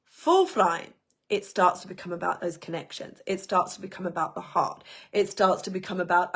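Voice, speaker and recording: Animated woman teaching a workshop. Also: on the low side, normal speed, husky. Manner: animated, emphatic, repeats words for emphasis. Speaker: business coach teaching a workshop.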